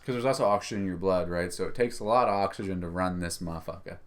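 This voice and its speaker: Young male podcast co-host, lowish voice, crude and excitable banter. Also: quick pace. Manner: crude, excitable, laughs often. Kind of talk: casual chat.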